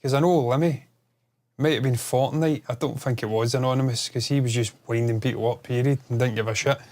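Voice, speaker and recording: A man, co-hosting a casual gaming chat, animated and sweary, prone to rambling. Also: mid-range voice, a little fast. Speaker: podcast co-host.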